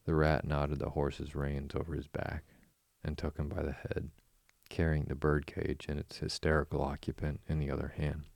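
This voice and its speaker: Guy reading a storybook, super deep voice, dry close sound. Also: completely flat delivery, normal speed, creaky, darkish tone, no room sound. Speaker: narrator.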